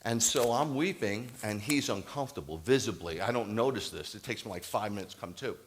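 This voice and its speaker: A Messianic rabbi telling a story in a sermon to a live congregation, acting out the dialogue and building to emphatic preaching. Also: male voice, lowish voice, fairly quick, a little hiss or hum. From United States. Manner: animated, acts out quoted dialogue, rises to emphatic preaching. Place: congregation hall, addressing a live audience.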